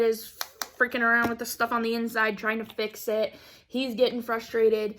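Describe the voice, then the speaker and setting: A young woman vlogger telling a story in a casual, animated way, acting out quotes and laughing often. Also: on the high side. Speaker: craft vlogger.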